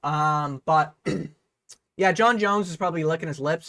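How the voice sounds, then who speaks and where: A man hosts a casual fight breakdown vlog, ranting in a heated, profane way. His voice sits a little high for a man. The sound is dry and close. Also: measured pace, pauses often, a bit bright, no echo. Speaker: host.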